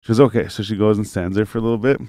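Rambling, low-voiced man telling a story. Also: steady tone, rapid-fire, dark tone, dry recording, clean studio sound. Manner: rambling, heavy on fillers and swearing; acts out other people's lines in his story. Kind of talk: casual podcast chat.

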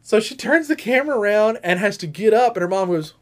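High-voiced man telling a story. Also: fast. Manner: animated storyteller, high-pitched voices for quoted women. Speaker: podcast co-host. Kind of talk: casual storytelling chat.

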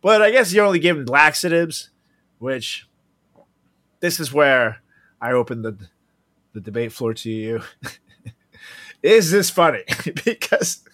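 A man's voice: fairly high pitch, measured pace, pauses often, dry recording. A young man co-hosting a podcast, chatting casually and laughing often. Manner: laughs often, animated, swings between quiet and loud. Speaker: podcast co-host. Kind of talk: casual chat.

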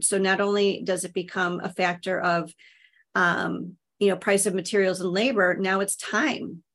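A woman's voice: on the low side, fairly bright tone. A woman real estate agent talking casually, explaining the market with lots of "you know" fillers. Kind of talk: casual panel conversation.

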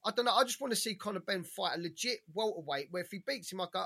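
A man co-hosting a boxing podcast, talking in an animated, rambling way and swearing often. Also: high voice, very fast, vocal fry, few pauses, breathy edge. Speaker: podcast co-host. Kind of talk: casual boxing chat.

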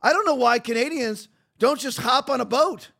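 High-voiced combative man ranting. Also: normal speed, creaky, a bit bright. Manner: combative and mocking; rambling with frequent restarts. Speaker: podcast host. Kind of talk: opinionated podcast monologue.

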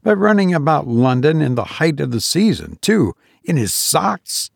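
A woman's voice: deep voice, very animated, normal speed, creaky, slightly rough, no echo, studio quality, voice pushed up, heavily acted. A man voicing a fluttery Victorian wife. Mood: anxious. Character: fussy middle-aged Victorian wife, easily alarmed.

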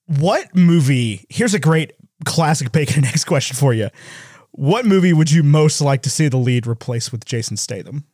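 A man co-hosting a podcast in casual chat, playful and quick to laugh. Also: on the high side, lively intonation, darkish tone, dry recording, studio quality. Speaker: podcast co-host.

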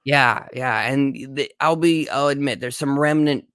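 A man answering interview questions in character, joking and talking in halting starts with frequent restarts. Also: mid-range voice, a bit bright, clear, resonant tone, dry recording, studio quality. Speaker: guest.

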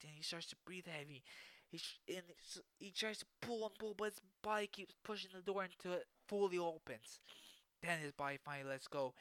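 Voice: mid-range voice, a bit bright, clear, resonant tone, no room sound. A podcast host narrating a spooky story in an improvised way, with spoken sound effects and frequent restarts.

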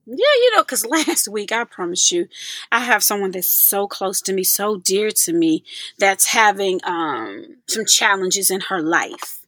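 A woman's voice: medium pitch, a little slow, bright, forceful tone, no echo. A woman hosting a podcast, talking effusively, laughing often and calling her listeners y'all. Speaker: podcast host. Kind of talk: casual podcast chat.

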